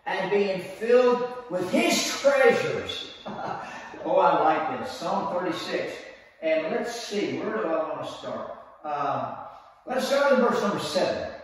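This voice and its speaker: A man preaching a teaching sermon, emphatic, repeating phrases and putting questions to his listeners. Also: high-pitched. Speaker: pastor. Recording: echoey hall, mic far off.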